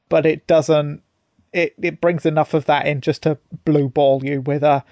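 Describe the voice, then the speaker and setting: A man's voice: fairly high pitch, a little mellow, no echo, studio quality. A man co-hosting a podcast, chatting casually and sarcastically, swearing as he goes. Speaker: podcast co-host. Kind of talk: casual chat.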